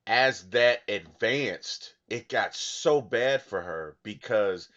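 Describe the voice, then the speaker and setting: A man in casual conversation about a film whose pitch swings widely as he talks with earnest emphasis. He often restarts his sentences. The recording sounds slightly dull and lo-fi. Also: animated, takes it slowly, fairly bright tone. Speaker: movie podcast co-host. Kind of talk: casual movie discussion.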